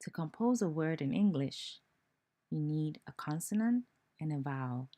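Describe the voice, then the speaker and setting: A woman with a Ghanaian accent teaching pronunciation, speaking slowly and deliberately and spelling out sounds one by one. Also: sits low, lively intonation, warm tone. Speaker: language teacher. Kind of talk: slow, careful pronunciation lesson.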